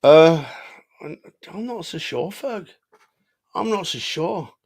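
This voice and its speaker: A man's voice: on the high side, lively intonation, takes it slowly, darkish tone. A man co-hosting a football podcast, talking emotionally and animatedly, often repeating himself. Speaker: podcast co-host. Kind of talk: casual football chat.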